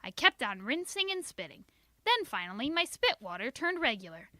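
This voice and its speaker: A woman reads a children's book aloud in a high, bright voice. Her telling is expressive and sing-song, swooping up and down. It is recorded close and dry. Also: normal speed, no room sound. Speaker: reader.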